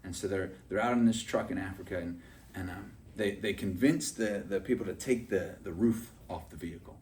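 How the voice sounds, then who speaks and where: A man's voice: deep voice, a little fast, darkish tone, far from the mic, slight background noise. A man giving a motivational sales training talk, chatty and often asking "right?" to check in with his listeners.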